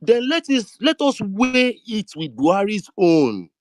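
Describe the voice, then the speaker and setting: A man's voice: sits high, big pitch swings, a little slow, dry recording, clean studio sound. A man with a Nigerian accent in a heated online debate, insistently pressing the same question. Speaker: debate participant.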